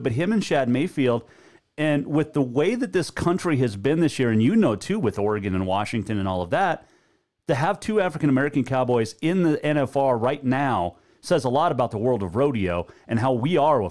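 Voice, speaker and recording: A man from Montana hosting a radio show, chatting with a guest in a relaxed, conversational way. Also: mid-range voice, fairly quick. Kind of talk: casual interview chat.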